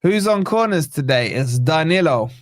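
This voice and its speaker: A man's voice: on the high side, animated, normal speed, dry recording, studio quality. A man hosting a live football watch-along, bantering and reading viewer comments aloud. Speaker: host of a football fan channel watch-along.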